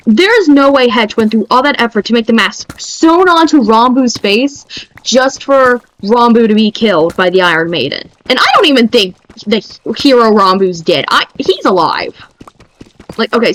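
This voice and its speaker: A young woman streamer chatting casually in an excitable, rambling way. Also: on the high side, moderate pace, rough recording.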